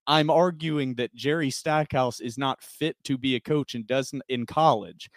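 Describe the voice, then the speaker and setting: A man's voice: mid-range voice, measured pace, no echo. Young guy cohost, walks through his argument step by step, mid voice, dry sound. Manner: methodical, lays out timelines and arguments point by point. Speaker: podcast co-host. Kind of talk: casual chat.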